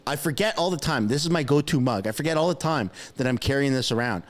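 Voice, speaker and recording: Excitable man yelling live reactions. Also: medium pitch, fast. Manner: excitable, shouting and laughing, animated. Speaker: live-stream commentator.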